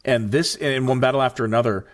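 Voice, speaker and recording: A man co-hosting a movie podcast, talking in a relaxed, rambling way. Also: mid-range voice, fast. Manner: laid-back, rambling, full of fillers. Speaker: podcast co-host. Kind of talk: casual movie chat.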